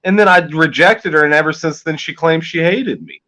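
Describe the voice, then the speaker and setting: A man's voice: a little high, moderate pace, sharp tone. A man chatting on a livestream, telling crude stories in a rambling, casual way. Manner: rambling, crude, drops into quoted voices. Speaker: livestream co-host.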